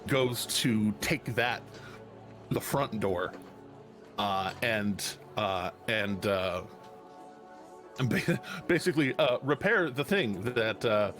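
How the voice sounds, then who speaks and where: A man's voice: fairly low pitch, animated, slow pace, long pauses, fairly bright tone, soft background music. A man narrating as game master of a tabletop game, rambling with lots of restarts and fillers. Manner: rambling, full of uh and restarts, chuckling.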